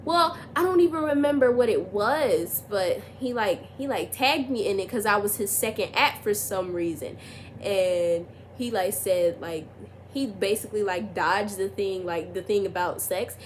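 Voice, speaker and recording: A young woman sits for a casual storytime and rambles through it, leaning on fillers and restarting her sentences. Her voice sits at a middling pitch and climbs when she retells her side of an argument. A faint hiss of noise lies under the recording. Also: expressive, measured pace. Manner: rambling, heavy use of "like", restarts. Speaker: vlogger.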